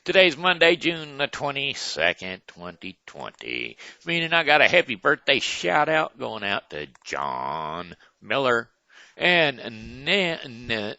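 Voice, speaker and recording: A man hosting his own casual home video show, talking in a folksy, animated way and stumbling over names, recorded at home near his front door. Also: medium pitch, takes it slowly, gravelly, dry recording, lo-fi sound. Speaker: host.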